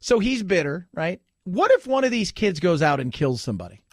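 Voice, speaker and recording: A man hosting a talk radio show, sarcastic and animated, acting out the people he talks about in funny voices. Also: high voice, brisk, no echo. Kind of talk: talk radio commentary with live ad read.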